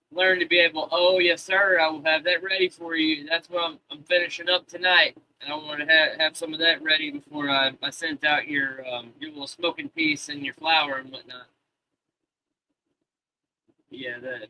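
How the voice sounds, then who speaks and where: Bright-voiced swearing male streamer. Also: fairly high pitch, rough recording. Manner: profane, rambling, talks to chat. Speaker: live streamer. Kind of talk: casual live-stream chat.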